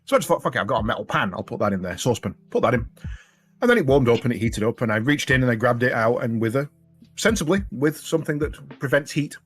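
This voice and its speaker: A man's voice: mid-range voice, expressive, fast, faint music behind. A man with a mid-range voice co-hosts a gaming podcast, chatting casually. He rambles through stories in a self-mocking way and chuckles at his own blunders. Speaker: podcast co-host. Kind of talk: casual chat.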